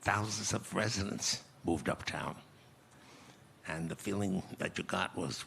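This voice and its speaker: A man in his nineties, speaking as a conference guest and recounting memories in a measured, reflective way with pauses. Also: low voice, creaky, fairly bright tone, slight background noise. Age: 90s. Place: conference stage.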